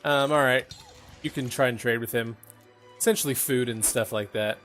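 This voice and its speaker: A man's voice: medium pitch, normal speed, a bit bright, faint music behind. Casual young male game master. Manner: casual, laughing, lots of fillers. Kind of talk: narrating a tabletop game.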